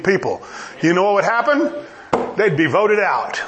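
Animated male preacher with lively pitch. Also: slow, pauses often. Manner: animated, acts out dialogue with rising pitch and humorous asides. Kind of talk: sermon.

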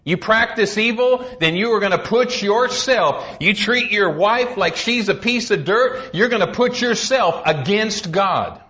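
A man preaching a sermon, emphatic and urging, reading scripture slowly and solemnly and dropping to low, intense tones. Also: lively intonation, bright, forceful tone, muffled recording. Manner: reads scripture in slow, solemn cadence.

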